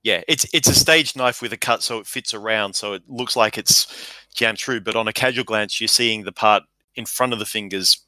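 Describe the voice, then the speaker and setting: A man with a bright, sharp tone explains details of a series in casual chat, a little low in pitch. The recording is dry and close. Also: moderate pace, hardly any pauses, no room sound, low-quality recording.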